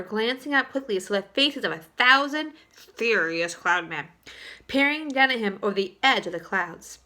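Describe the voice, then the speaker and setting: A woman teacher reading a chapter book aloud to her third-grade class, expressive and clear, pausing to talk to the children. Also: on the high side. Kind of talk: storybook read-aloud for children. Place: home, for virtual school.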